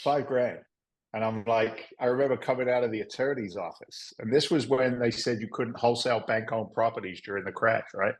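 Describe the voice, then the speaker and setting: A man's voice: mid-range voice, fairly quick, poor audio. A middle-aged man, a guest on a podcast, telling candid, rambling stories in casual talk and now and then cursing. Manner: candid, rambling, salty, with frequent "right?" asides. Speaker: podcast guest, real estate investor. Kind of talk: casual storytelling interview.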